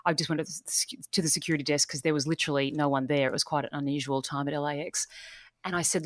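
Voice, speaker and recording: A woman's voice: deep voice, steady tone, quick pace, no echo, studio quality. A woman with an Australian accent, a guest on a podcast, chatting enthusiastically and telling stories with frequent restarts. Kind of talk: casual interview chat.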